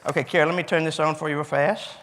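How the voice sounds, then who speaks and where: Fast, high-voiced Cajun man. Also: steady tone, a bit bright. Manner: folksy, chatty, repeats words back to the audience. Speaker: keynote speaker. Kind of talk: interactive keynote speech. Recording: hall reverb.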